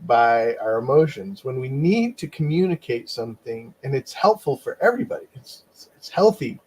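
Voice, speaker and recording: A man reflects carefully, choosing his words in a measured, thoughtful way. His voice has a husky grain at a middling pitch. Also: lively intonation, a little mellow. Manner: thoughtful, measured, frequent murmured agreement. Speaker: podcast co-host. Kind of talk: reflective casual conversation.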